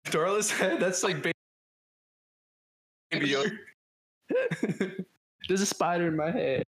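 A man's voice: high voice, animated, takes it slowly, a bit bright. A man co-hosting a casual podcast chat, hesitant, with many fillers and frequent laughter. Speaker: podcast co-host.

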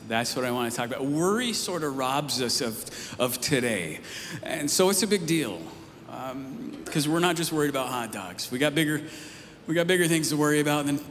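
A man's voice: medium pitch, a bit bright. A man preaching a casual, conversational sermon as a pastor, telling stories to his church. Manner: casual storytelling, rising emphatic near the end. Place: church sanctuary. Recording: long hall reverb, faint noise.

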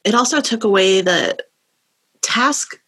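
A woman talks casually on a faith podcast in a breathy, husky voice at a middle pitch. She rambles a little and reaches aloud for words as she thinks. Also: lively intonation, slow, sharp tone. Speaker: podcast co-host.

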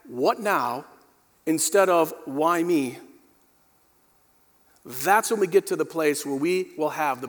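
A male pastor delivering a dynamic sermon, addressing the congregation directly and swinging from quiet, low passages to emphatic peaks. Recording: long hall reverb.

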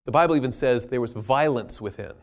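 A man preaching a sermon, telling a story with lively jokey asides. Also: medium pitch, brisk.

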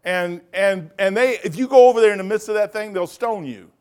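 Leading a Bible study, a man rambles like a preacher, laughing often, wandering off topic and erupting in sudden loud bursts. He has a smooth, high-pitched voice and talks a little fast.

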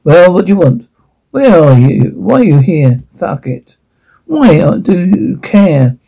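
An actor playing a blunt, gruff man who swears easily, in TV drama dialogue. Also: fairly high pitch, sing-song, slow pace, mellow, heavily acted, poor audio. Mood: irritated.

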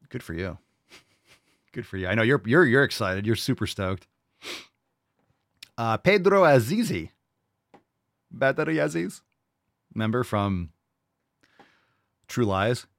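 In a mid-range voice, a man fields listener questions on his podcast in a relaxed, chatty way, profane and blunt, feigning disbelief as he mocks them. The audio is studio quality with no echo.

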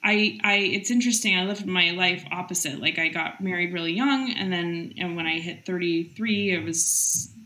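A woman's voice: fairly low pitch, roomy sound. A middle-aged woman entrepreneur, a guest in a casual interview, talking energetically with lots of "like" fillers. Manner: energetic, quick, heavy use of "like" fillers.

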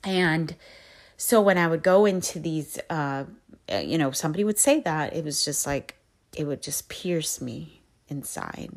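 A woman hosting a podcast, talking through her feelings in a candid, reflective monologue, soft-spoken and pausing often to find her words. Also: sits low. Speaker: podcast host.

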